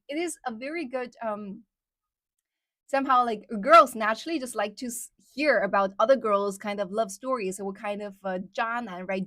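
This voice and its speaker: A woman's voice: on the high side, a bit bright, dry recording, clean studio sound. A young woman from China with a Chinese accent, chatting casually on her live stream with many fillers. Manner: chatty, many fillers, reads out viewer comments.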